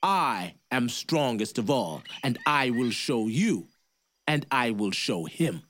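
A man voicing a proud, boastful strongman in a storybook tale, speaking slowly and low. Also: very animated, a bit bright, a little hiss or hum. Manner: slow and boastful.

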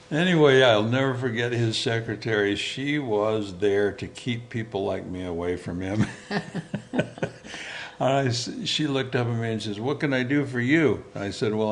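An older man shares a personal story in an interview, speaking at an ordinary middle pitch. He chuckles often and livens up as he acts out the exchanges he remembers. A faint hiss sits under his voice. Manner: animated, chuckling, acts out quoted dialogue.

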